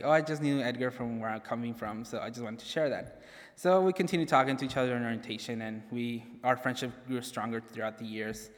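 A man's voice: medium pitch, fairly bright tone. Nervous young man in a reverberant hall. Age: young adult. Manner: nervous, self-deprecating, laughs often, says "like" a lot. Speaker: graduating senior giving a convocation speech. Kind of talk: personal speech to an audience. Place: large hall.

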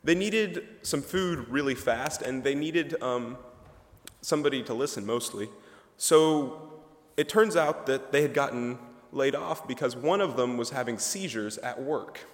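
A man's voice: medium pitch, unhurried. A young man, a ministry student, giving a humorous, chatty chapel talk, full of asides and fillers. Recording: reverberant chapel hall.

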